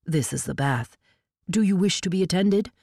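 A woman's voice: on the low side, animated, normal speed, creaky, mellow, dry recording, studio quality. A woman reading the part of a formal, earnest male elf escort, grave and courteous.

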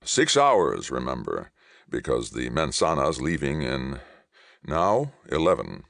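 A curt, stern male envoy, voiced by a male reader, firm and clipped. The delivery is gravelly and raised a little above a plain reading voice. The sound is close and dry. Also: a bass voice, sing-song, slow pace, fairly bright tone, dry recording, full character voice. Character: curt, stern man from a distant government.

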